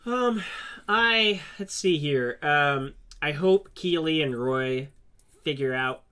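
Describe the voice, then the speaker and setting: With a fairly high, expressive voice that sounds bright, forceful and clean, this podcast co-host talks casually. His speech halts often, packed with fillers and restarts.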